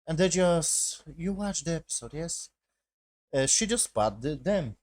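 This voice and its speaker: With a fairly high, expressive, slightly mellow voice, this man talks unhurriedly, and there's no room sound. He's an episode reviewer rambling casually through a show recap in non-native English with shaky grammar, cursing a lot and tossing in "basically" and "yes?" to check in.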